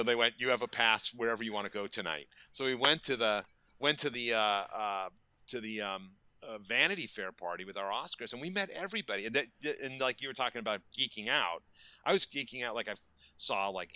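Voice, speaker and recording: A man's voice: mid-range voice, fairly quick, pushed and bright, smooth, dry recording. A man in his fifties, a makeup effects artist, telling stories casually in an interview and acting out quoted lines with bursts of energy.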